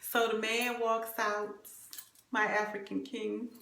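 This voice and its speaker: A young woman vlogger telling a comic dating story, animated and confiding, laughing along with her viewers. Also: a little high, slow pace, gravelly. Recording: roomy echo.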